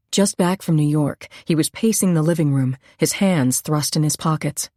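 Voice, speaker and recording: A woman narrating a suspense novel audiobook in a measured, even reading. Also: low voice, dry recording, studio quality. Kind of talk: scripted narration.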